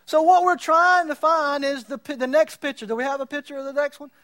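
A man's voice: very high-pitched, steady tone, brisk, bright, forceful tone. A man preaching as a pastor, building his points and acting out the voices of people he disagrees with. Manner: preaching, mocking quotes of others. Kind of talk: sermon.

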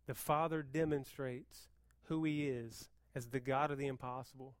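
A man preaching a sermon as pastor, moving between hushed, intense passages and loud, fervent appeals. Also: medium pitch, steady tone, normal speed, no room sound, studio quality.

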